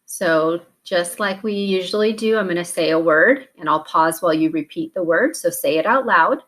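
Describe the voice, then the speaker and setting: A woman teacher leading a recorded classroom warm-up drill, slow and deliberate, pausing between prompts. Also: lowish voice.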